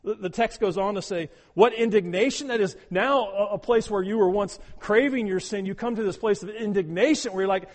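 A man preaching a sermon as pastor, talking with emphasis, repeating words, and moving between loud urging and quiet prayerful tones. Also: high voice, brisk, few pauses, in a large hall.

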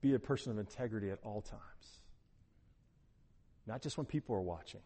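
A man preaching a sermon as pastor, animated, swinging between hushed, soft passages and loud, emphatic ones. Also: on the low side, fairly quick, breathy edge, long reverb tail.

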